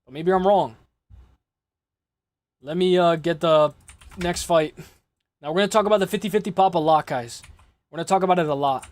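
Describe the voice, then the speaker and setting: Rambling high-voiced man, voice gone hoarse. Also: moderate pace, long pauses. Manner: rambling, repeats himself, curses freely. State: lost his voice. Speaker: livestream host. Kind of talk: casual livestream fight picks and chat.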